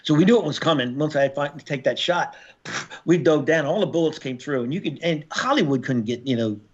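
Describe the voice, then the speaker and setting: A man in his sixties, a former Marine and podcast guest, telling war stories in a casual, profane way and shouting out reenacted orders. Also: on the high side, a little fast, a little hiss or hum. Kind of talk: casual storytelling interview. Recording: slightly dull podcast audio.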